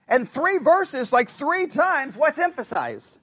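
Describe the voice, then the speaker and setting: Male Bible study leader, strikingly high voice, quizzes the class and drums points home by repetition. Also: big pitch swings, slow pace, fairly bright tone. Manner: asks the group questions, repeats phrases for emphasis. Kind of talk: interactive Bible study lesson.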